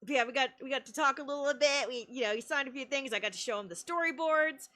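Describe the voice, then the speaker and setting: A woman streamer telling a story in casual chat, animated and laughing often, with sudden excited shouts. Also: high-pitched, fast talker.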